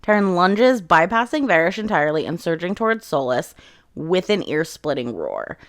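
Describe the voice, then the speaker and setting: A woman's voice: fairly low pitch, sing-song, normal speed, dry recording, clean studio sound. A woman hosting a book channel, casually recapping chapters and retelling scenes in quoted voices.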